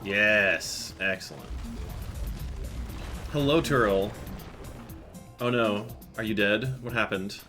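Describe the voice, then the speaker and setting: A man's voice: on the low side, slow, pauses often, sharp tone. A man streaming a game, chatting casually, reading chat aloud and muttering to himself. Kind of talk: casual gameplay commentary. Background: game music.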